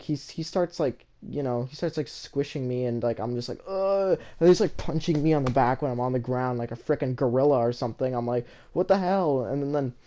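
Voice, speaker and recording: A man casually telling a story from his school days, rambling, with many restarts, often in a soft, low-key voice.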